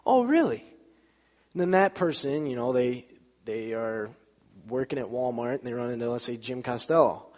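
A man's voice: mid-range voice, normal speed. Chatty man in an echoey church. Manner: casual and chatty, acts out dialogue, laughs at own stories. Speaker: church speaker. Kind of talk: informal sermon with storytelling.

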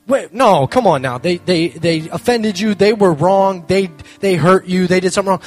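A young man speaking to a live audience, telling a lively story with self-mocking humor and acting out both sides of the conversation. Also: sits high, moderate pace, hardly any pauses, faint music behind. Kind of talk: animated storytelling talk.

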